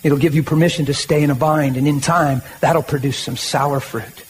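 A man's voice: on the high side, steady tone, normal speed, a little hiss or hum. A man preaching a sermon in a conversational, emphatic way, with frequent rallying asides to the congregation.

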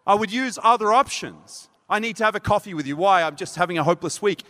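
A man with a high voice preaches in a sermon, telling stories and acting out every quoted line. His voice rings with a long reverb, as in a church hall. He now and then laughs at himself mid-story. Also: fast, bright, forceful tone.

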